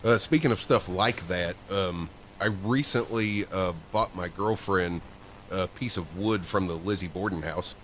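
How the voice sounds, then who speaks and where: A man's voice: low voice, measured pace, fairly bright tone, slight background noise. A man co-hosting a podcast, telling a story in a rambling, casual way. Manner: rambling storyteller with fillers and restarts. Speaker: podcast co-host.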